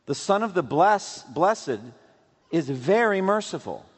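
A man voicing an earnest pilgrim who asks quiet, quick questions. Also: high-pitched, sing-song, husky, voice pushed up, exaggerated voice. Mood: earnest questioning. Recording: long hall reverb.

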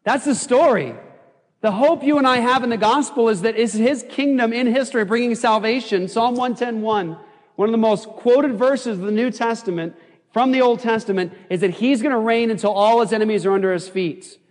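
Guy preaching in church, pretty high voice, gets loud then drops low and serious, big hall echo. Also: fairly quick. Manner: animated, jokey, swings from shouting to low intense emphasis. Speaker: pastor. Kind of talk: sermon. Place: church sanctuary.

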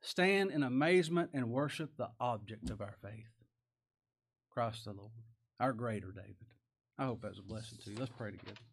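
A man preaching a sermon in a folksy, conversational way, breaking into loud rhetorical questions and dropping into soft prayer. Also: mid-range voice, moderate pace, gravelly, breathy edge. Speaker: pastor.

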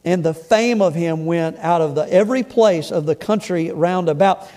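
In a church sanctuary, a middle-aged male pastor delivers a sermon, reading scripture aloud and commenting on it with humorous asides and conversational stories. His style is storytelling and chatty, with restarts. His voice is fairly high and warm, at a moderate pace.

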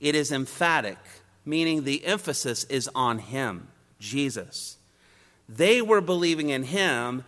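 A man delivers an expository sermon with a bright, forceful tone. He hammers his points home in repeated three-part phrases, and his voice rings out with the long reverb of a large hall. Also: mid-range voice, lively intonation, slow pace. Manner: emphatic, builds points in repeated rhetorical triads. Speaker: preacher.

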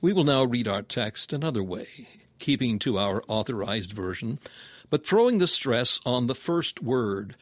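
A man reading a sermon aloud in old-fashioned scriptural language. He is solemn and measured, and his pitch climbs for emphatic appeals. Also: lively intonation, no echo. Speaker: preacher.

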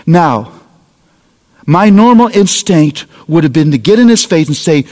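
A man's voice: fairly high pitch, expressive, a little slow, a little mellow. A middle-aged man preaching a sermon, speaking earnestly and appealing directly to his listeners. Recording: long reverb of a large hall.

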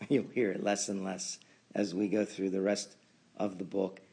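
A man preaching a sermon as pastor, building to emphatic loud peaks and then dropping to quiet asides. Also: sits low, little pitch movement, moderate pace, gravelly, slightly rough.

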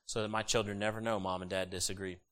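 A middle-aged man preaching a sermon, animated and jokey with sudden loud bursts. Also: fairly low pitch, quick pace. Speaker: pastor.

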